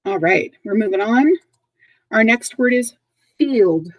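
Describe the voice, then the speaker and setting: A woman's voice: medium pitch, animated, slow pace, dry recording, rough recording. A woman teaching a recorded vocabulary lesson to young kids, patient and repetitive, checking in often. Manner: patient, repeats words and checks in with okay. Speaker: third grade teacher.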